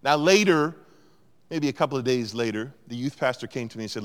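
Preaching a sermon as pastor, a man with a brisk, mid-range voice tells stories in an animated way and acts out people's quotes. The recording carries long hall reverb.

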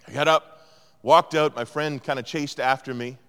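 A man's voice: medium pitch, normal speed, clean tone. A man preaching a sermon as pastor, telling stories and acting out what people said. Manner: animated storyteller, acts out quotes. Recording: long hall reverb.

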